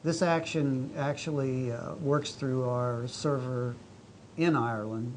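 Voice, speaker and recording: A man is a guest on a local talk show, explaining a web product in a halting, casual way with plenty of ums. His voice sits at a middle pitch, and faint room noise runs under it. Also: fairly even intonation, darkish tone. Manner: halting, filler-heavy explaining. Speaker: software consultant guest.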